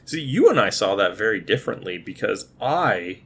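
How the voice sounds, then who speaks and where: A man's voice: on the low side, very animated, moderate pace, slight background noise. A man in his thirties co-hosting a podcast, chatting casually and restarting his words as he thinks. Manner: talkative, repeats words while thinking. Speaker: podcast co-host. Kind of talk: casual movie review chat.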